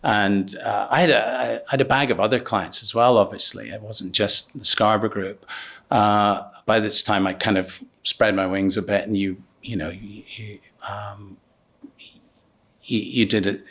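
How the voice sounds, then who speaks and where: Middle-aged businessman guest, lowish voice, halting anecdotal delivery. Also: steady tone, a bit bright. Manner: hesitant, many ums and restarts. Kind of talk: anecdotal interview storytelling.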